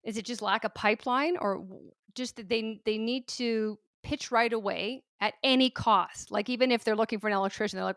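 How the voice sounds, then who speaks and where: A woman hosts a podcast interview with a gravelly edge to her voice. Her questions are long and rambling, and she searches for her words as she goes. The recording is dry and close. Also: fairly high pitch, fairly quick, hardly any pauses, fairly bright tone, no room sound. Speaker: podcast host.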